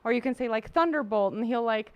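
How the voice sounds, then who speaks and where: Casting: young woman co-host, bubbly and giggly, smooth clear tone, slightly high. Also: fast talker, dull audio. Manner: bubbly, giggly storyteller with lots of fillers. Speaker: podcast co-host. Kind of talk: casual chat.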